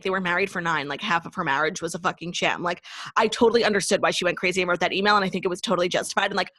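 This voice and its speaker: Fast-talking young woman gossiping. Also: mid-range voice, a bit bright, no room sound. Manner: fast gossipy talk, heavy "like" filler, swearing. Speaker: podcast co-host. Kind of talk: casual chat.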